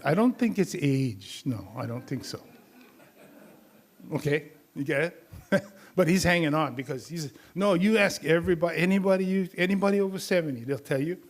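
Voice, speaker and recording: A man's voice: on the high side, animated, normal speed, a little hiss or hum. An older man from Hawaii giving a casual, teasing health talk to a live audience, laughing often and acting out other people's voices. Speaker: community health lecturer.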